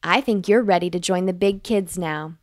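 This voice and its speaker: A woman's voice: on the low side, normal speed, no room sound, clean studio sound, close to an everyday voice. A woman voicing a friendly, playful male fox in a bedtime story, eager and encouraging.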